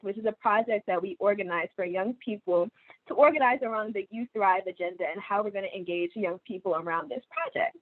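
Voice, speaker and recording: A woman's voice: medium pitch, no echo. A young woman, a youth climate organizer, speaking casually and animatedly on a video call from her phone. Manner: animated, informal, lots of fillers. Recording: tinny phone line.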